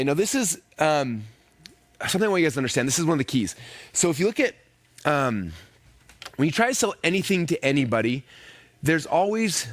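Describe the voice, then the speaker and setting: Guy teaching a live online class, talks super fast, kinda high voice, keeps going "okay?". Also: no room sound. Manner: energetic, checks in with "okay?" and acts out inner voices. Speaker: online course presenter. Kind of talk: live sales-training talk.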